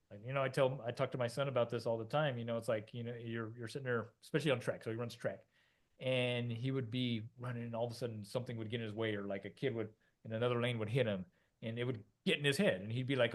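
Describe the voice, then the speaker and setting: A man's voice: medium pitch, quick pace. A middle-aged man, a podcast co-host, explaining ideas in a rambling casual way, with many fillers and restarts, often acting out quoted voices.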